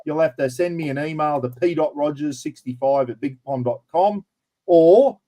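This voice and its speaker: A man with an Australian accent hosts a casual livestream, pitched a little above most men. He talks in a matey, chatty way and laughs easily. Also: moderate pace, mellow. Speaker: livestream host. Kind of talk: casual chat and prize draw.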